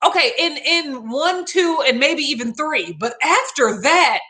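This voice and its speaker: Chatty, animated, bright-voiced Southern woman. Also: high voice, a little slow, hardly any pauses. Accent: Southern American. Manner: chatty and animated, with many filler words. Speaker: livestream host reading viewer comments. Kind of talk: casual live chat.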